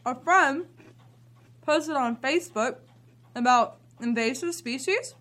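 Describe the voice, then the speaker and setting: An actress playing a bitter, cynical grown daughter who talks with sarcastic scorn. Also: female voice, sits high, slow pace, a bit bright. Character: bitter cynical adult daughter living at home. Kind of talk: drama scene.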